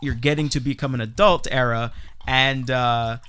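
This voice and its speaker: A man's voice: medium pitch, steady tone, moderate pace, sharp tone, clear, resonant tone. A man in casual chat, rambling through his stories and restarting sentences. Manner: rambling storyteller who restarts sentences and breaks into silly quoted voices.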